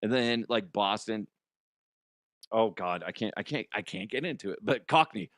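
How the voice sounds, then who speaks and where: A man's voice: lowish voice, expressive, normal speed, a bit bright, dry recording, clean studio sound. A man hosting a comedy podcast, rambling through a crude monologue, giggling and swearing.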